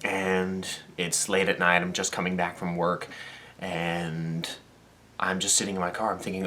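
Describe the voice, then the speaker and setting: A young man with a very deep, low voice tells a story in a casual vlog. He acts out each person in it with lively energy, and he grows quiet and sincere when the talk turns serious. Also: normal speed. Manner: animated, acts out quoted people in the story; turns soft and earnest on serious topics. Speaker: vlogger and dance teacher.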